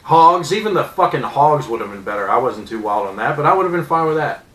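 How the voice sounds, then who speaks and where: A man in his thirties ranting angrily as a sports fan, profane and sarcastic, with loud outbursts. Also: mid-range voice, big pitch swings, quick pace, reverberant, low-quality recording. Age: 30s. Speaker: vlogger. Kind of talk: angry sports fan rant.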